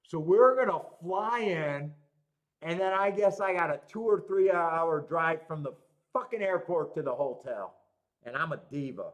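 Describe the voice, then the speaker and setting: A man's voice: high voice, very animated, unhurried, long pauses. A man hosting a live horse racing betting stream, chatting casually with viewers, swearing freely and laughing at himself often. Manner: profane, self-mocking, laughs often.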